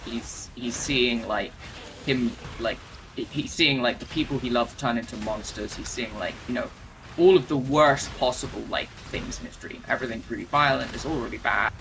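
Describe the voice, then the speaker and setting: A man's voice: mid-range voice, normal speed, noisy background. A man casually retelling game lore while playing, rambling with lots of fillers and restarts.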